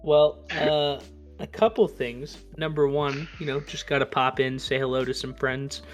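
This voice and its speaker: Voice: medium pitch, steady tone, a little slow, soft background music. Rambling player in a tabletop game. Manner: joking, rambling with restarts. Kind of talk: casual in-character play.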